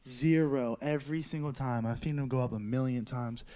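A man's voice: mid-range voice, moderate pace. A young man hosting a casual comedy podcast, telling stories animatedly with lots of swearing. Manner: animated storytelling with frequent swearing and laughs. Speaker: podcast host.

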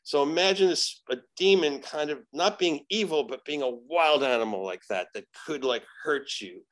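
A man, a shaman guest on a podcast, telling a story in casual chat, animated and profane. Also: a little high, moderate pace. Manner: animated, profane, acts out quoted dialogue.

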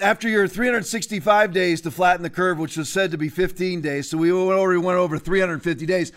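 A high-pitched man hosts a political commentary show, ranting combatively and mockingly. He restarts often and breaks into sudden bursts of loudness.

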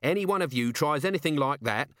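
A man's voice: a little high, animated, quick pace, fairly bright tone, no echo, clean studio sound, voice pushed up. A man voicing a growling, threatening guard disguised as a woman in an audiobook. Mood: menacing.

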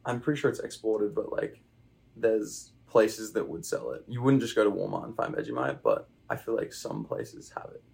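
A young Australian man talking loosely into a podcast mic, his voice heavy with gravelly fry and a husky edge. His pitch swings widely as he rambles through answers with lots of fillers. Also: moderate pace. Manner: relaxed, rambling with many fillers. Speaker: guest, baseball player. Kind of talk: casual interview chat. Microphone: podcast microphone.

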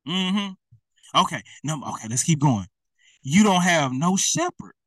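High, bright-voiced preacher man. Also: unhurried, no room sound, recorded from a distance, rough recording. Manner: lively, conversational, laughs often. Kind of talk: sermon.

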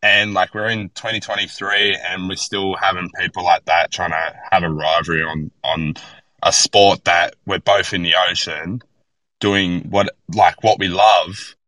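A man's voice: deep voice, measured pace, no echo, low-quality recording. A young Australian man, a podcast guest, telling stories bluntly with plenty of swearing. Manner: blunt, profane, animated storytelling. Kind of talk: casual podcast chat.

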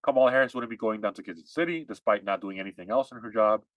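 A man's voice: lowish voice, very fast, fairly bright tone, no room sound, poor audio. A man co-hosting a podcast, ranting emphatically in heated political chat and repeating his points. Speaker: podcast co-host.

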